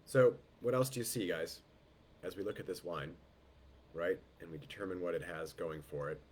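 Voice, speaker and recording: Deep-voiced man with a head cold. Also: a little mellow, a little hiss or hum. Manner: unhurried, descriptive, greets guests by name. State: head cold, voice lowered in the throat. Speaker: wine tasting host. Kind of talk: live online wine tasting. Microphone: video call.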